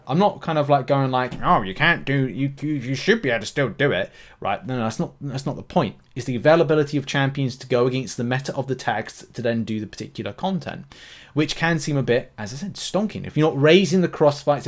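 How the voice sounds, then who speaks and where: Rambling man talking games. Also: medium pitch. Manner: rambling, many fillers and restarts. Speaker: gaming YouTuber. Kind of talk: casual commentary on a mobile game.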